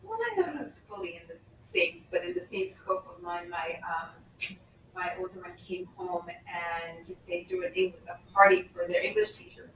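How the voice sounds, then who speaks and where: A middle-aged woman from Colombia, a company founder, telling earnest stories about her son in a casual interview. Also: mid-range voice. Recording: roomy, distant mic with faint background noise.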